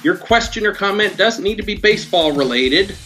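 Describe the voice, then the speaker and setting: Man, high voice, bright tone, podcast host, upbeat delivery. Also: animated, a little fast, faint music behind. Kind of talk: podcast reads and interview.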